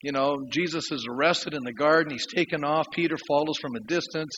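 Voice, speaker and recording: Muffled earnest pastor, higher voice. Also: male voice, a little fast, fairly bright tone, a little hiss or hum. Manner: earnest storytelling with emphatic rises. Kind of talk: sermon.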